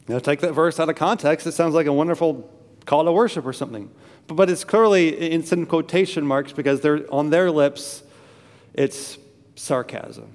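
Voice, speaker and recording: Man, pastor, sermon, earnest, emphatic, repetitive phrasing, slightly high voice, echoey church. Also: expressive, normal speed, darkish tone.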